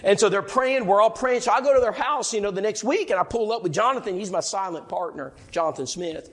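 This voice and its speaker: Brief: animated male preacher, storytelling sermon, high voice, repeats words. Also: quick pace.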